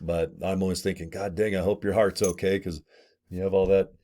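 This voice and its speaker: Man nearing sixty, slightly low voice, folksy, blunt, rambling sales chat to camera. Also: level tone, brisk, dark tone. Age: 50s. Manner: folksy and blunt, mild swearing, rambling asides. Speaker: network marketing affiliate.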